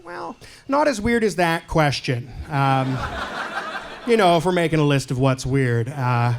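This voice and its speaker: A male stand-up comedian from Canada doing a set in a comedy club, deadpan and self-deprecating, with loud punchlines. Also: a little high, a little slow, gravelly, noisy background.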